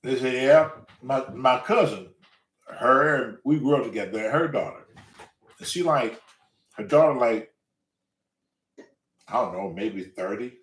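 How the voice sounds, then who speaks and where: A man's voice: medium pitch, a little slow, long pauses, far from the mic. A man in his sixties telling a story casually, with heavy profanity. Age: 60s. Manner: profane, animated, drawling. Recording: roomy room, away from mic.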